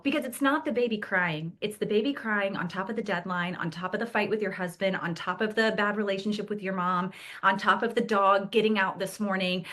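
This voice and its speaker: A woman in her thirties chatting as a podcast guest, telling stories with animated energy and frequent laughter. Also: medium pitch. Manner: animated storyteller, laughs often. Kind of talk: casual chat.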